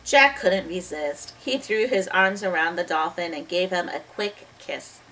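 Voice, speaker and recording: A woman reading a children's chapter book aloud in a lively, expressive way, stopping now and then to talk about the pictures. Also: lowish voice, a little slow, distant mic, low-quality recording. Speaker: storybook reader.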